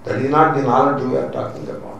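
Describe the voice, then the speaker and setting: Indian guy, a swami giving an emphatic scripture lecture, mid pitch, really echoey room, mic kinda far. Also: big pitch swings, quick pace, fairly bright tone, a little hiss or hum. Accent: Indian English. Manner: emphatic, repeats key points, mixes in Sanskrit terms.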